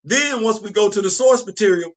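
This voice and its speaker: A middle-aged man hosting a casual livestream chat, animated and laughing often as he answers his audience. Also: high voice, fairly quick. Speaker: host.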